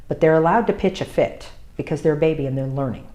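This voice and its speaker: A woman with a notably low speaking voice gives an instructional talk on dog grooming. She speaks emphatically as an experienced groomer and educator, hammering home her main points. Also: animated, a little fast, mellow. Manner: emphatic, repeats key points.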